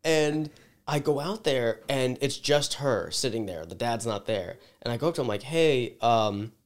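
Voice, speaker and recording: A man's voice: mid-range voice, lively intonation, unhurried. A man telling a work story in casual chat, rambling with lots of "like" and acting out the people in it. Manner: rambling, fills talk with "like"; acts out the people in his story.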